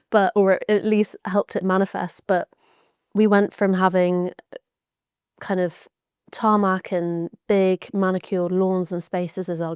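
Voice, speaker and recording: A woman's voice: medium pitch, darkish tone, smooth, dry recording, studio quality. A young woman, an author and science communicator, telling her story in a chatty, reflective way as a podcast guest. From Devon, England (born in Georgia, USA). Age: young adult. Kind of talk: podcast interview.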